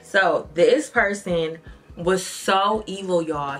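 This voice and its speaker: A young woman vlogger chatting candidly to her viewers while doing her makeup, telling stories in an expressive way. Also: fairly low pitch, normal speed, soft background music. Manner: candid, expressive storytelling, addresses viewers as y'all. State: tearful at times. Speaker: beauty vlogger. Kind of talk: casual get-ready-with-me chat.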